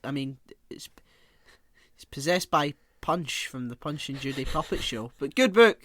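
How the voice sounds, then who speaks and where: Animated man, dry close sound. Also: fairly high pitch, a little slow, no echo. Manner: animated, swearing, mimics relatives with put-on accents. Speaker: podcast co-host. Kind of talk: casual chat.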